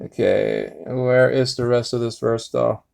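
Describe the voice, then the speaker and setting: A man giving a casual Bible lesson, reading slowly with many fillers and sounding out Greek words. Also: mid-range voice, level tone, gravelly, a little mellow. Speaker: Bible teacher.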